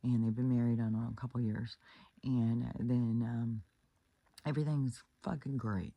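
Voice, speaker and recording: A woman's voice: rumbling low, fairly even intonation, moderate pace, dark tone, dry recording. A woman giving relationship advice in a casual monologue, blunt and profane, retelling stories with acted-out quotes.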